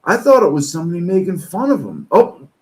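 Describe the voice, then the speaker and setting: A man's voice: high voice, very animated, fairly quick. A man reading posts aloud and commenting on them in a profane, exasperated rant.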